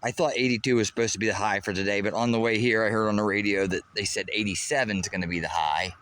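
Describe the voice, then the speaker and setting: A Western Pennsylvania streamer with that region's accent chats casually with his viewers as he walks a golf course outdoors, reading chat aloud and swearing offhandedly. His voice is lowish and a bit bright, his intonation fairly even, and he talks fast. It's a relaxed live-stream golf vlog.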